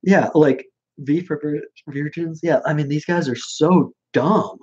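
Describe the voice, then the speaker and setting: A man's voice: fairly high pitch, measured pace, a little mellow, slightly rough, dull audio. A man hosting a casual livestream and answering viewer questions in a blunt, dismissive way, rambling with many fillers.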